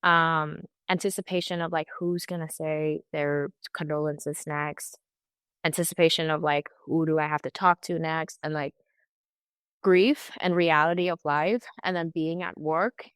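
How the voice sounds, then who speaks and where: A young woman with a low, smooth voice, recorded close and dry. She speaks candidly and haltingly, stopping to restart and slipping into quoted asides. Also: steady tone, a bit bright, dry recording. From California. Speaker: interview guest. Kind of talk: candid personal account.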